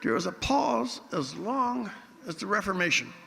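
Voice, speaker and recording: Wry orator in a reverberant hall. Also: male voice, sits high, sing-song, normal speed, gravelly, pushed and bright, breathy edge. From Newfoundland, Canada. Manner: theatrical, wry storyteller with rhetorical flourishes. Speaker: keynote speaker. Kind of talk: after-dinner speech with anecdotes. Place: large event hall.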